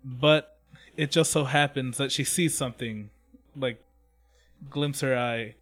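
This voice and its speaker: A man's voice: mid-range voice, steady tone, slow, fairly bright tone. A man in casual chat, retelling scenes with lots of swearing and acting out the characters' lines. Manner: profane, rambling, acts out scenes in quoted voices. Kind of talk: casual chat recapping an anime.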